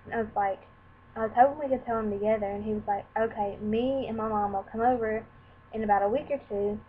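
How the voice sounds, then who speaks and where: Talking fast in a higher-pitched voice with fairly even intonation, a young vlogger rambles candidly through a personal story on camera. She performs the dialogue of others as she goes, and the recording sounds tinny and lo-fi, with a faint hiss.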